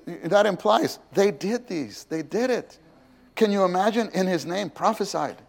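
A man's voice: sits high, lively intonation, a little slow, vocal fry. A man preaching a sermon in a conversational way, asking his listeners questions and acting out quoted voices.

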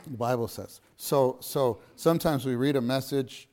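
A man's voice: mid-range voice, normal speed, a little mellow. A middle-aged man teaching a church lesson to a gathering, earnest and repeating phrases for emphasis.

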